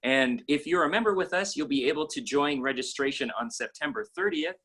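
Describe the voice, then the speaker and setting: A man's voice: a little high, lively intonation, fairly quick, sharp tone, breathy edge. A man hosting an interview, eager and upbeat, often saying "like" and announcing class dates. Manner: eager and upbeat, with many likes. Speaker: host.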